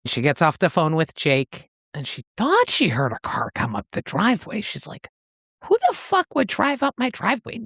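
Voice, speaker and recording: A woman's voice: low voice, no room sound. Lady podcaster going over a novel's plot, swears a lot, voice bouncing all over, dry mic. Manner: animated storyteller, swears freely, acts out quotes. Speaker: podcast co-host recapping a novel. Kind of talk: casual book-club chat.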